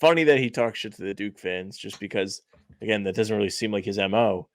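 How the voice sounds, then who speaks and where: A man's voice: lowish voice, brisk, no room sound, clean studio sound. A young man co-hosting a casual sports podcast, laid-back and self-deprecating, with many "like"s. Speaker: podcast co-host.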